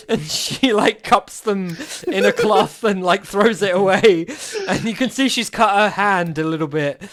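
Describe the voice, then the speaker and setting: Casting: laid-back, halting game-master narrator at an ordinary pitch. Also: fairly bright tone. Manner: casual, hesitant, full of "like" and restarts.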